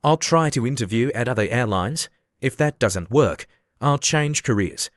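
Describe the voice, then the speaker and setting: A man's voice: mid-range voice, animated, normal speed, dry recording, studio quality, close to an everyday voice. A man reading as a loyal young flight attendant. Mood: earnest.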